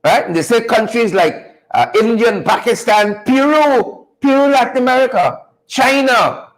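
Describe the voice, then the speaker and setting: A man with a high-pitched voice hosts a live news commentary show. He sounds folksy and a little preachy, repeating lines and calling out to his viewers as he goes. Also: normal speed, low-quality recording. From Guyana. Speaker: show host.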